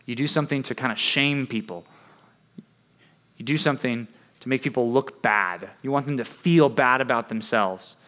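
A man's voice: medium pitch, normal speed, fairly bright tone. Conversational male youth preacher. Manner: conversational, keeps asking "right?" and acts out quoted voices. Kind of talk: sermon to young people.

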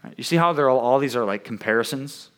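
A man's voice: mid-range voice, fast talker, fairly bright tone. A man preaching to young people in a conversational way, often asking "right?" and acting out the voices he quotes. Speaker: youth preacher.

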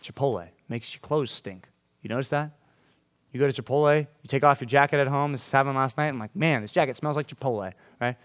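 A man's voice: mid-range voice, fairly quick. A man preaching a sermon to a congregation in a room, talking conversationally, checking in with "right?" and acting out quoted lines in changed voices. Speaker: pastor.

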